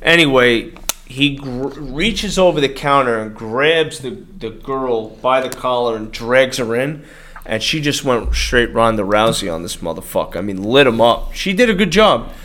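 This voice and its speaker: A man hosting a podcast in casual banter, talking in a loud, excitable way and swearing often. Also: medium pitch, measured pace. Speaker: podcast host.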